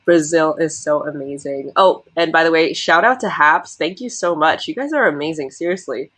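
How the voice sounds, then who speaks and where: A woman's voice: low voice, normal speed, a bit bright, dry recording. A woman hosting a live stream in a bubbly, casual way, laughing often.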